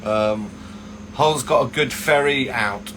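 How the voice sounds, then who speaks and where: A man's voice: medium pitch, slow pace, background noise. A man hosting a casual livestream chat, greeting viewers by name in a chatty way with plenty of fillers. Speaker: host of a chocolatier livestream.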